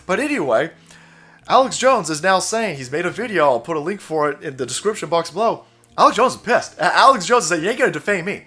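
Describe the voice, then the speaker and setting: A man's voice: sits high, very animated, a little fast, bright, forceful tone, breathy edge. A man hosting a ranting political commentary, sarcastic and mocking, swearing often and mimicking others in exaggerated voices, with laughs between lines. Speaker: commentary channel host.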